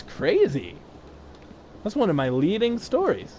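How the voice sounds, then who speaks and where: A man's voice: medium pitch, a little slow, darkish tone, slight background noise. A young man casually telling a funny personal story while playing a game, laughing often and acting out the people he quotes. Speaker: gaming video host.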